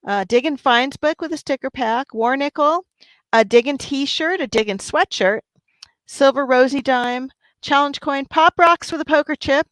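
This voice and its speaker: Chatty higher-voiced woman livestream host. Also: moderate pace, fairly bright tone, dry recording. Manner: chatty, upbeat, talking to chat viewers. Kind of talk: casual livestream chat.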